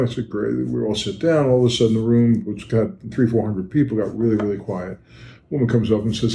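An older man, a podcast guest, telling a story in an animated, emphatic way. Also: medium pitch, a little fast, vocal fry. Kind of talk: storytelling interview. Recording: roomy with faint noise.

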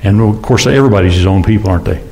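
Male pastor, lowish voice, conversational sermon that jumps up in pitch for emphasis. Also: very fast, vocal fry, mellow. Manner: conversational, with rhetorical questions and sudden rises in pitch.

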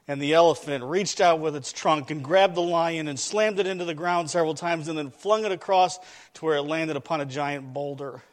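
A man's voice: a little high, a little fast. A man preaching a sermon, opening with a joke story and then teaching earnestly from scripture.

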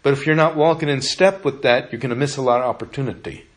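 A man's voice: medium pitch, quick pace. A middle-aged man preaching a sermon in a conversational way, telling personal stories and often repeating words as he talks. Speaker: pastor.

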